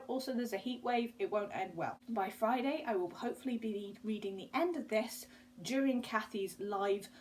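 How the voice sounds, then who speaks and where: A woman chatting in a casual book vlog, bubbly and gushing and quick to laugh. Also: fairly high pitch, a little mellow, a little hiss or hum, poor audio. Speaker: book vlogger.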